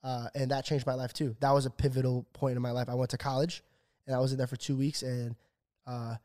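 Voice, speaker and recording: During casual podcast chat, a young co-host in his twenties talks fast and loose with a middle-pitched voice. His storytelling is animated and full of swearing, and he puts on voices for the people he quotes.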